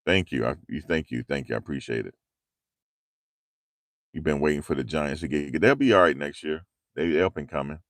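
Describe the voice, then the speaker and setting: A man's voice: a bass voice, brisk, long pauses, dry recording. A man, chatting casually with viewers on a livestream, joking and answering comments, speaking into a handheld clip mic. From tri-state area around New York. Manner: loose, joking, reads and answers chat. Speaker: livestream host. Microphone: handheld lavalier mic.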